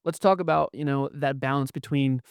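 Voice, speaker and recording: A man co-hosts a podcast in a relaxed, conversational way, often pausing to check in with a quick 'okay?'. His voice is smooth and resonant at a middle pitch, and it sounds dry and close to the mic. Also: dry recording. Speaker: podcast co-host. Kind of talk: casual podcast chat.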